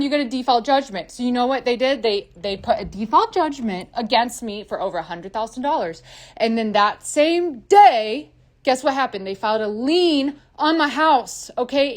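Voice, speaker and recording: A woman with a high voice, a musician, shares her life story in a confessional monologue. Swearing comes easily to her, and she oscillates between loud bursts of anger and more subdued passages.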